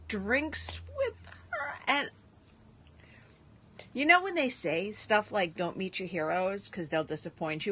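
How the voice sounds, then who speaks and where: A woman's voice: mid-range voice, big pitch swings, slow, pauses often, fairly bright tone, slightly rough. A woman giving a casual, gushing tribute message and swearing freely.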